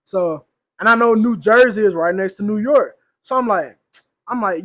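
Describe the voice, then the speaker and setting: A young man with a very high-pitched voice chats on a casual podcast. He spins stories in loose slang and laughs often. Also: moderate pace, fairly bright tone. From Louisiana or Texas, US South. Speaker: podcast co-host.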